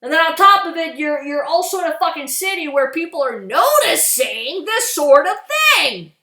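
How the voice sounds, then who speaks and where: A woman's voice: very high voice, big pitch swings, normal speed, few pauses, sharp tone, roomy sound. A woman vlogger ranting in exasperation, swearing freely and often restarting her sentences. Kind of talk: profane ranting commentary.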